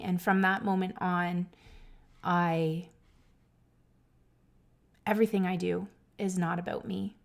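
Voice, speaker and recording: A woman's voice: on the low side, level tone, slow pace, creaky, long pauses. A woman hosting a podcast, telling a personal story in an earnest, emotional way, with many restarts and asides to her listeners. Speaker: podcast host.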